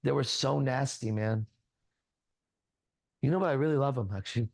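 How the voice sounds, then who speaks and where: A man's voice: medium pitch, moderate pace, vocal fry, dry recording. A man teaching in a casual spiritual talk, blunt and crude, full of profanity as he tells stories. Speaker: ministry teacher.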